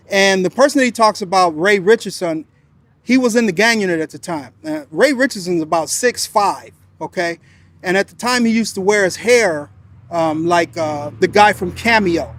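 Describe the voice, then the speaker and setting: High-voiced man telling a police story. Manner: conversational, with fillers and pauses. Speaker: retired police officer. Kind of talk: storytelling interview.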